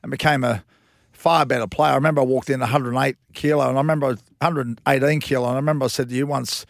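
A man's voice: medium pitch, fairly even intonation, quick pace, vocal fry, no echo, studio quality. A former rugby league player in his fifties with an Australian accent, telling rambling, slangy anecdotes in a casual interview.

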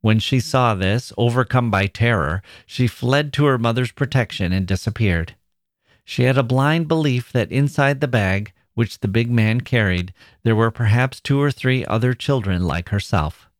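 A man, a podcast host, reading a classic short story aloud in a measured storytelling manner. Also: mid-range voice, no echo, studio quality. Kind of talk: literary reading.

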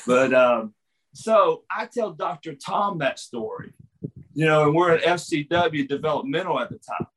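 A middle-aged man spinning a yarn in a relaxed chat, his voice sitting a bit high for a man. He laughs between lines and jumps into the voices of the people in his story, so the talk keeps rising and falling. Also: normal speed, husky, poor audio. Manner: animated, laughs often, acts out voices in his stories. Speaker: podcast guest, former wrestler. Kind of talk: casual storytelling.

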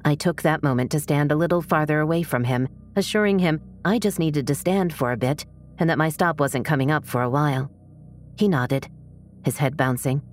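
A woman narrating a first-person true story in a measured, tense storytelling manner. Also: low voice.

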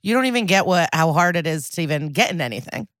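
A woman co-hosting a podcast, chatting casually with enthusiastic, quick reactions. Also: low-pitched, expressive, fairly bright tone, no room sound, clean studio sound. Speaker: podcast co-host. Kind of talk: casual chat.

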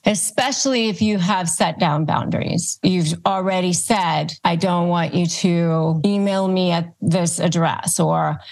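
A woman with a lower voice and a gravelly, fry-tinged texture, talking through advice point by point. She speaks in a steady, methodical way and models calm phrases aloud as she goes. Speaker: podcast host giving advice. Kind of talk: instructional monologue.

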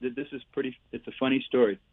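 A man in his sixties spins lively hockey anecdotes, tagging lines with "eh" and laughing as he goes. His voice comes through a thin, phone-like line with a dry, close sound. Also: mid-range voice, rapid-fire, breathy edge, no room sound. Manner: animated anecdotes with laughs and "eh" tags. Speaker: guest, former player and coach. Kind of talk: storytelling interview.

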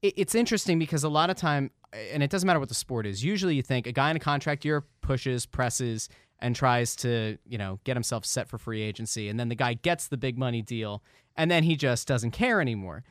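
A man's voice: mid-range voice, animated, brisk, no echo, clean studio sound. Rambling, teasing male podcast co-host. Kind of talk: casual sports podcast chat.

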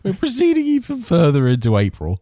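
A man's voice: on the high side, wildly swooping pitch, fairly quick, warm tone, no room sound, studio quality. A man hosting a podcast, rambling through casual chat with many fillers and restarts. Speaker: podcast host.

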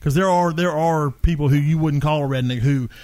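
A man in casual group chat, telling quick anecdotes. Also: on the high side, darkish tone, dry recording.

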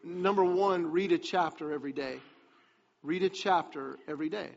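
Pastor guy preaching, kinda high voice, big echoey hall, muffled recording. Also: normal speed, creaky. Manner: storytelling, confiding then emphatic. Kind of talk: sermon. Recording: long hall reverb, dull lo-fi sound.

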